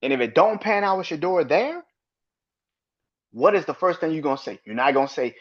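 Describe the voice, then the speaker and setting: A man whose voice is a little high hosts a solo sports podcast, speaking briskly and animatedly. He rants with heated profanity, emphatically arguing back at imagined critics. The highs in the audio are cut off.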